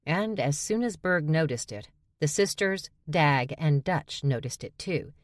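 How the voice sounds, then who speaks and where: A woman's voice: deep voice, animated, unhurried, no room sound. A woman narrating an audiobook with wry, dry storytelling. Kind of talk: scripted narration.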